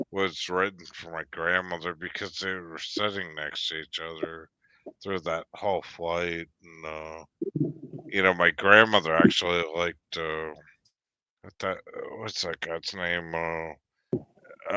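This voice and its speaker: A man with a low voice tells a meandering story at an unhurried pace, stopping often for ums and restarts. His voice sounds bright and clear. The recording is dry and close. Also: steady tone, no room sound, muffled recording. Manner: rambling storyteller with many fillers and restarts. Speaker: live stream panelist. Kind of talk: casual chat.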